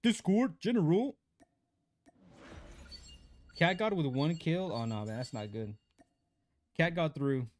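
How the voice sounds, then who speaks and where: A man's voice: mid-range voice, expressive, moderate pace. A young man live-streaming a mobile shooter, chatting casually in slang while greeting viewers and reading chat aloud.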